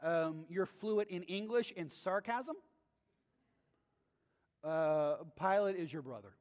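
A man's voice: high voice, animated, slow pace, darkish tone. A male pastor preaching a sermon in a conversational way, often checking in with the audience with "right?", in a church sanctuary with long reverb.

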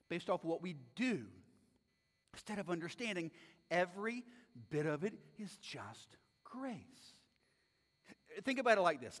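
A man's voice: high-pitched, fairly bright tone. A male pastor preaching a sermon in a conversational, emphatic way, repeating points for emphasis. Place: church sanctuary. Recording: long reverb in a church hall.

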